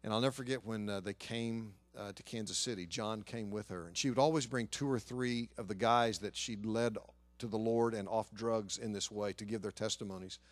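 Male pastor, low voice, earnest storytelling sermon, dry close sound. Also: steady tone, a little fast, no echo.

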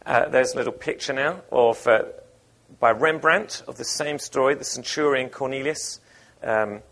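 A male pastor preaches to his congregation and reads scripture in a gravelly voice with a husky edge. His delivery is relaxed and conversational, with frequent ums and uhs between thoughts. His voice sits at a middling pitch for a man. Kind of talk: sermon with scripture reading.

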